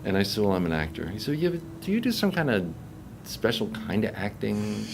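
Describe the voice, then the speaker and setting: A man's voice: lowish voice, brisk, gravelly, noisy background. An older man, a voice actor, telling a long story in a convention interview and acting out the people he quotes. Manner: animated storyteller who acts out quoted voices. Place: convention press room.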